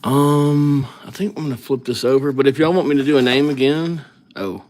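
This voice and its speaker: A man hosts a live calligraphy stream, chatting casually and rambling in an easygoing way as he thinks aloud between names while writing. His mid-range voice is a little mellow, and he speaks at a moderate pace.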